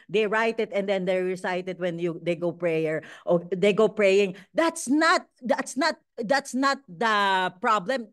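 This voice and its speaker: A woman pastor with a Filipino accent preaching a sermon, lively, repeating phrases and asking the congregation questions. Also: on the high side.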